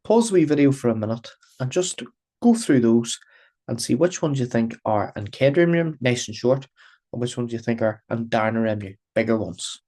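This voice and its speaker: A man's voice: mid-range voice, animated, moderate pace, dark tone. Man, mid-range voice, patient language teacher, repeats and switches languages. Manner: patient, repetitive explaining, switching between Irish and English. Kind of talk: recorded grammar lesson.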